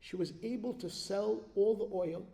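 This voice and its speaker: A man giving a sermon at an organization's event, telling a religious story with animated delivery and checking in with the audience. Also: high-pitched, normal speed, vocal fry. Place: large hall at an event. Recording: long reverb of a large hall.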